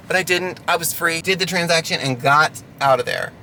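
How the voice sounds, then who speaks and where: A man's voice: fairly high pitch, brisk, pushed and bright, a little hiss or hum. A delivery driver venting through a ranting storytime vlog from his car, sarcastic and exasperated.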